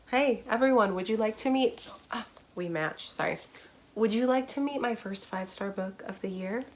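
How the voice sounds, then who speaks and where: A woman's voice: mid-range voice, a little hiss or hum. Young woman rambling about books, bubbly, gushy, lots of little asides. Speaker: book vlogger. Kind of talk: casual book review chat.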